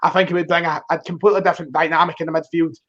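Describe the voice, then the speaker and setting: A man chatting casually as a guest on a fan football stream, animated and self-mocking. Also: fairly high pitch, rapid-fire, highs cut off. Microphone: online voice call.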